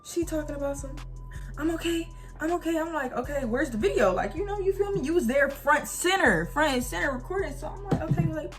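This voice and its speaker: An animated young woman tells a story in a loose, slangy way, jumping up in pitch as she acts out what everyone said. Faint music plays quietly behind her voice. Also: fast, few pauses. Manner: animated, slangy storytelling with quoted dialogue and laughs. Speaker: vlogger. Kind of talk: casual storytime.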